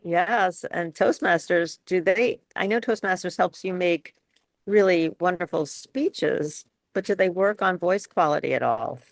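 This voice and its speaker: A woman's voice: fairly low pitch, measured pace, no room sound. A woman from New York, a speech coach, leading a chatty webinar Q and A with many restarts and laughs.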